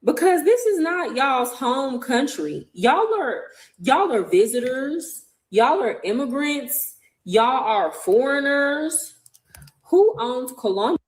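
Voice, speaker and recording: A woman's voice: high voice, very animated, slow pace. A woman giving emphatic, lecturing commentary in a video.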